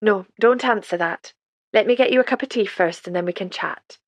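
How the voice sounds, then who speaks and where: A woman's voice: mid-range voice, a little fast, no echo, close to an everyday voice. A woman voicing a sprightly elderly retired midwife with a faint Scottish accent, motherly and gushing, in an audiobook reading. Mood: warm. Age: older.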